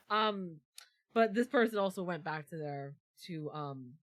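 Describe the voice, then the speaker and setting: A woman's voice: on the low side, lively intonation, takes it slowly, a little hiss or hum. A woman hosting a casual stream chat, rambling and repeating herself as she talks. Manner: rambling, repeats words, lots of fillers. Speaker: streamer and host.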